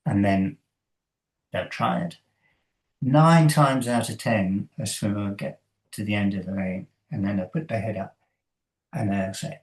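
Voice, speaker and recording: A man, a coach and interview guest, talking thoughtfully in a halting way with many fillers and soft laughs. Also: fairly low pitch, rough recording. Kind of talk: conversational interview.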